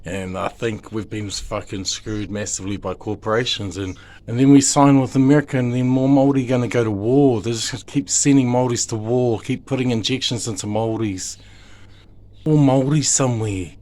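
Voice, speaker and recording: A father with a New Zealand accent giving an emotional, rambling monologue to camera, pleading and swearing heavily. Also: lowish voice. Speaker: video maker. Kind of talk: impassioned direct-to-camera monologue.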